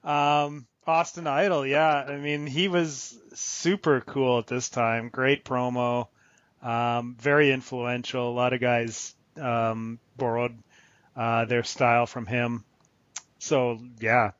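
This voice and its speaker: Calm, measured man podcast host. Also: medium pitch, dry recording, dull audio. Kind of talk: casual chat.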